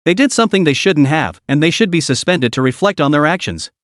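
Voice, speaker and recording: A man's voice: on the high side, animated, fairly quick, dry recording, clean studio sound, close to an everyday voice. A man voicing a stern, cold female university counselor in a story recap, clipped and disdainful.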